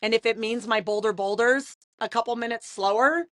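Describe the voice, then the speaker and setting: A woman in her thirties, a podcast co-host, telling a story in casual, animated chat with laughs and lots of "like". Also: a little high, fairly quick, no echo.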